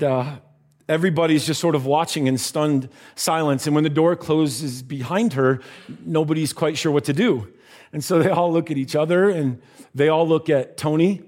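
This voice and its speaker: A man's voice: fairly high pitch, a little mellow. A man preaching a sermon, telling a story in a conversational way and dropping his voice at tender moments.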